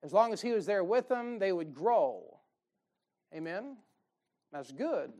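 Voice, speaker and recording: High-voiced, fired-up preacher. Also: male voice, very animated, a little slow. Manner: folksy, joking, fired-up preaching with sudden loud bursts. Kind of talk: sermon.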